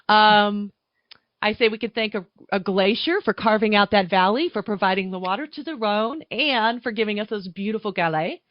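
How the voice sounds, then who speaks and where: A woman's voice: medium pitch, dry recording. Woman musing over a dull, dry call. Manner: thoughtful, lists facts with pauses. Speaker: wine podcast guest. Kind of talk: casual chat on a video call. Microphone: video call.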